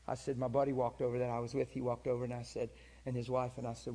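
A husky male preacher, earnest, talks right to the crowd like a chat, mid-pitched voice. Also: steady tone, fast talker, darkish tone. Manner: earnest, conversational, direct address. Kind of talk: sermon storytelling.

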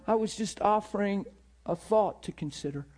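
Speaking at a normal speed in a voice that sits high, this man shares a personal story during his sermon. It's an animated telling, with frequent laughs and repeated words.

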